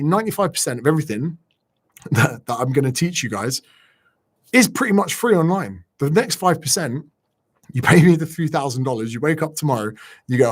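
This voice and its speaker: A man hosting a live-stream Q&A as a business coach, talking bluntly and energetically, swearing freely. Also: medium pitch.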